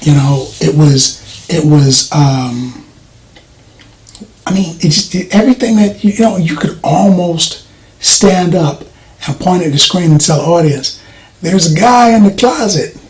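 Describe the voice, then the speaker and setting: Soft-spoken guy reviewing a movie, kinda high voice, rambles and restarts a lot. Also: a little slow, low-quality recording. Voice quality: voice does not carry, soft-spoken. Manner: rambling, hesitant, frequent fillers and restarts.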